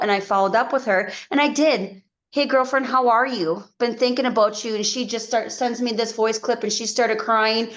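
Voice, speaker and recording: Woman team leader on a video call; encouraging, chatty, fairly high pitch. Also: fairly bright tone, lo-fi sound. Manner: chatty, encouraging, quick asides.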